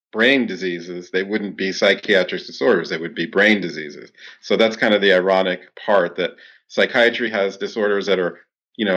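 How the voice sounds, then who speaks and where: In a dull, lo-fi recording, a man with a low-pitched, slightly bright voice responds to an interviewer as a clinical psychologist. His answers run long, full of fillers and false starts.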